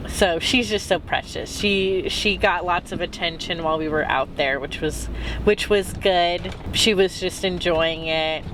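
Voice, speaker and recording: A woman's voice: on the low side, slow, a bit bright, slight background noise, low-quality recording. A woman recapping her travels in a casual, rambling way, full of "um"s and "like"s. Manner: chatty and rambling, with many "um"s and "like"s. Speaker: travel vlogger.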